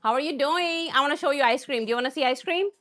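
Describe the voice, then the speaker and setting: A woman's voice: sits high, fast, a bit bright, soft background music, pitched above the performer's own voice. A woman putting on the voice of an overly familiar, pushy chat commenter in a sing-song, cloying way. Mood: mocking.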